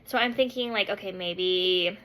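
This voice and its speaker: A woman's voice: mid-range voice, moderate pace, low-quality recording. A woman in her thirties chatting casually at her kitchen table at home, telling a rambling story full of "like" and "um". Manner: rambling, heavy use of "like" and "um"; animated storyteller who acts out quotes. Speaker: makeup vlogger.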